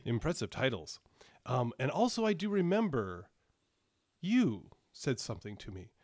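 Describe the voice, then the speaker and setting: A man's voice: medium pitch, huge pitch swings, moderate pace, darkish tone, no echo, clean studio sound. A man doing an imperious giant king. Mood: gracious. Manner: grand, formal, commanding speech. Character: imperious male giant monarch, once depressed. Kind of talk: tabletop role-play.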